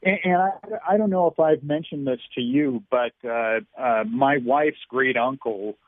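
Older man, journalist, halting measured talk, lots of ums, tinny phone line, dry sound. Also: medium pitch, no room sound. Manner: halting, measured, many fillers. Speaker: journalist guest.

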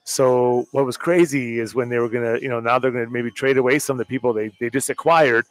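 Guy breaking down a hockey game, blunt opinions, normal pitch. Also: steady tone, quick pace, no room sound. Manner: plainspoken, opinionated analysis. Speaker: co-host. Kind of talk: casual sports talk.

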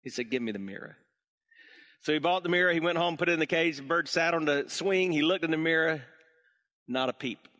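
A senior pastor preaching a sermon to his congregation, telling a joke story in an animated way. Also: a little high, fairly quick, big-room sound. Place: church sanctuary.

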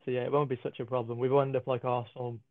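A British man with a middle-pitched voice talks through his view on a casual sports podcast, dry and sure of himself. His voice comes over a tinny, phone-like remote connection, close and free of room echo. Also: little pitch movement, very fast. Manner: dry, opinionated, explanatory. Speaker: podcast co-host.

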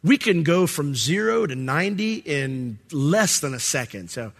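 Preaching with a slightly high voice, this middle-aged man is animated and eager to act out different voices. He uses many fillers and restarts himself often.

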